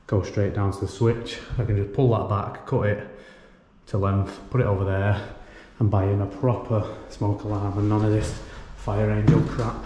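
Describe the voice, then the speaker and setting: A man's voice: on the low side, dark tone. A man, an electrician, chatting casually and thinking aloud as he works indoors in a house being renovated. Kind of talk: casual explanation while working. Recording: echoey room with faint background noise.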